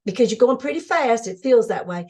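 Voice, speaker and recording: Excited spiritual woman telling her story. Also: a little high, brisk, husky. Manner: enthusiastic, spiritual, talks in bursts with restarts. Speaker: guest speaker.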